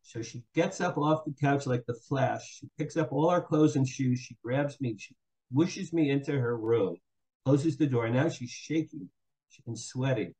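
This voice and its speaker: A man's voice: mid-range voice, a little slow, low-quality recording. An older man from New Jersey, a guest author telling a comic personal story and acting out other people's lines. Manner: animated, acts out other people's quotes.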